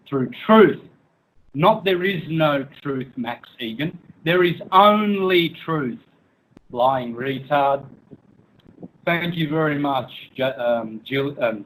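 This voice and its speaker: A man's voice: medium pitch, rough recording. A man ranting angrily as a guest in an online interview, mocking, cursing and laughing scornfully, with threatening turns. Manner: menacing, threatening. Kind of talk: angry rant in an online interview.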